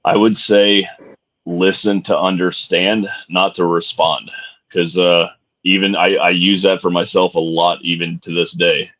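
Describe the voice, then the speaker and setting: Middle-aged male co-host, very low and easygoing, swears freely and jokes, muffled lo-fi audio. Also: level tone, a little slow, fairly bright tone. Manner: laid-back and profane, jokey. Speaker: podcast co-host. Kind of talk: casual chat. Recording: dull lo-fi sound.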